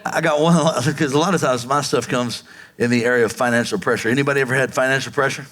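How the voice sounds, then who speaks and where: A man's voice: medium pitch, fairly even intonation, fast talker, fairly bright tone. A man preaching a sermon as pastor, acting out quoted voices and calling on the congregation to respond. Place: church sanctuary before a congregation.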